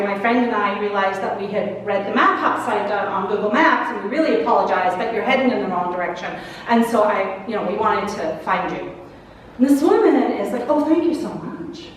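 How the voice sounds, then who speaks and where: A woman's voice: medium pitch, brisk. A Canadian woman minister telling a story in a chatty sermon reflection, with asides to her congregation. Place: large church sanctuary. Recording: echoey church hall from far off, faint noise.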